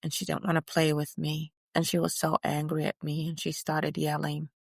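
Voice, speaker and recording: A defiant older activist, played by a woman, recalls her prison years in a dramatized interview. Her voice is gravelly and sits low, and she tells it in an emphatic, measured way. The sound is close and dry. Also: completely flat delivery, no echo, heavily acted. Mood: reflective. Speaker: guest portrayed in interview. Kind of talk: first-person dramatized interview.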